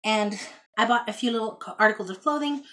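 A woman's voice: on the high side, a little fast, fairly bright tone. A woman chatting casually to camera about her thrift finds in a child's bedroom at home, rambling and folksy. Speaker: thrift haul vlogger.

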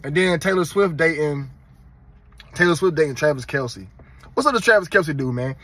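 A man from North Carolina with a Southern accent, hosting his own vlog in a casual, animated, mocking ranting style. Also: fairly high pitch, moderate pace. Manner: animated, mocking, emphatic rants. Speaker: channel host.

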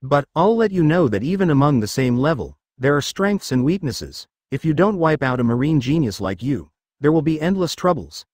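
A savage male pirate captain, bloodied and bent on murder, as a male storybook reader puts him on. The threats come with a lively, rising and falling pitch. The sound is dry and close. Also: normal speed, hardly any pauses, no echo. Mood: menacing.

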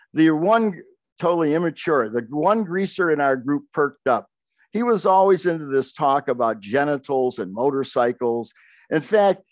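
An older poet reads from his own memoir, dropping wry, offhand asides between the story beats. His voice sits a bit high for a man, and the sound is close and dry. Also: no echo. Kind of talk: author reading aloud.

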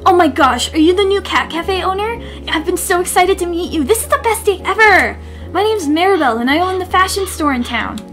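A woman voicing an excitable young woman fashion shop owner who gushes with compliments. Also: very high-pitched, brisk, faint music behind. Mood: gushing. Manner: gushing, excitable.

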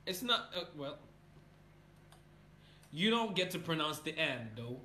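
A man's voice: a little high, sing-song, measured pace, sharp tone. A man coaching someone on name pronunciation in casual banter, teasing and giggling. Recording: echoey room with clear noise.

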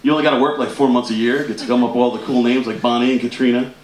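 A man's voice: medium pitch, fairly even intonation, racing. A man performing a stand-up comedy routine, chatty and laughing through his punchlines. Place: comedy club stage. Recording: echoey room with loud audience laughter.

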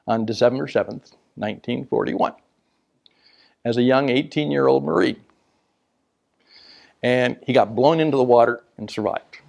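A man giving a storytelling business talk as a motivational speaker, animated and laughing at his own stories, dropping to a hushed whisper to make a point. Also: medium pitch, creaky.

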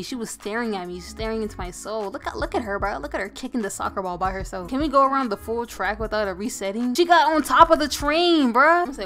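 A young woman chatters through her gameplay in a slightly high voice, mock-outraged and quick to laugh. Soft music plays faintly behind her. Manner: playful and animated, mock-outraged, laughs often. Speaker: gaming YouTuber. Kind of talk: casual gameplay commentary.

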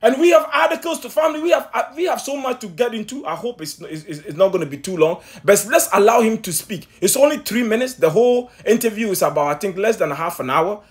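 A man with a high voice preaches fast, barely pausing, pressing his points with urgency. In this impassioned sermon commentary he repeats himself, stammers and restarts when excited, and fires rhetorical questions at his listeners.

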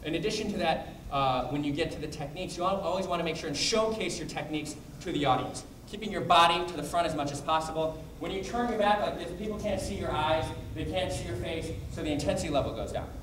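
A man leads a martial arts training class in a brisk coaching manner, explaining technique and calling out drills. His voice sits a little high for a man. He is picked up from a distance in a reverberant hall with clear background noise.

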